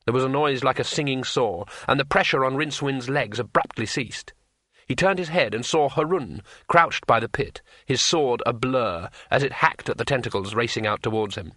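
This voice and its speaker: Male narrator, bright clear voice, dramatic measured delivery, dry booth sound. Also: medium pitch, dry recording. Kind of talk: audiobook narration.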